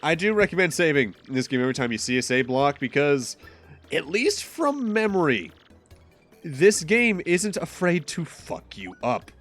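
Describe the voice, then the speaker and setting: A man's voice: on the high side, big pitch swings, moderate pace, hardly any pauses, fairly bright tone. A man from Massachusetts streaming a game, chatting casually with jokes and rambling asides over faint game music. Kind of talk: casual gameplay commentary.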